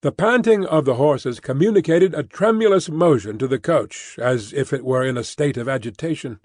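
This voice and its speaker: A man narrating a classic novel in an expressive storytelling reading. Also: medium pitch, normal speed, dry recording. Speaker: audiobook narrator. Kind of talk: scripted narration. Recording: dry close studio recording.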